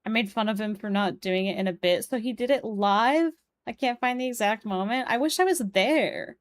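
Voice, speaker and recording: A woman's voice: on the high side, normal speed. A young woman with a Polish accent, streaming a puzzle game and chatting as she plays, reading the game's text and viewers' messages aloud. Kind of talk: live game stream commentary.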